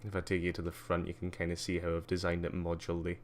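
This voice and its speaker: A man's voice: low voice, completely flat delivery, quick pace, a little hiss or hum. A man giving a casual live-stream tour, rambling with lots of ums and uhs and wry asides. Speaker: livestreamer.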